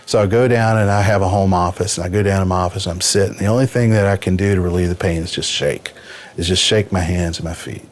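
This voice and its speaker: Man, 50s, very low voice, podcast guest, earnest vivid storytelling. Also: quick pace. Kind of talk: personal story in a casual interview.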